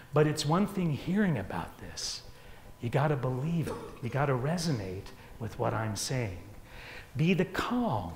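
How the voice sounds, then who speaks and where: Guy doing a big motivational speech on stage, voice swoops loud to soft, echoey hall with a faint hum. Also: medium pitch. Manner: dramatic, swings between loud and hushed. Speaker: motivational speaker. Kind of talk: live motivational talk. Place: stage in front of an audience.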